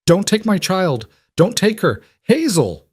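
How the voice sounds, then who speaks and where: A man's voice: deep voice, moderate pace, mellow, no echo, clean studio sound. A man doing a tearful pleading mother. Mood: desperate screaming. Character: young mother pleading for her daughter.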